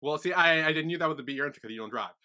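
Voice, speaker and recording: A man's voice: a little high, rapid-fire, pushed and bright. A man co-hosting a podcast recap in casual chat, retelling scenes and quoting characters. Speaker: podcast co-host.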